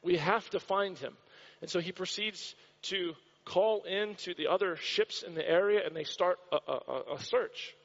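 American pastor, high voice, repetitive storyteller, muffled church recording. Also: male voice, moderate pace, vocal fry, few pauses. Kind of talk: sermon. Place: church hall. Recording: dull recording with long hall reverb.

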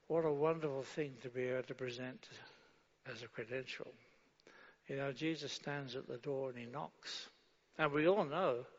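A man preaches a sermon in a slightly high, gravelly voice. He fires off rhetorical questions and leads his listeners through a prayer read aloud. The sound is dull and rings with the long reverb of a large hall. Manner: rhetorical questions answered with a firm no.

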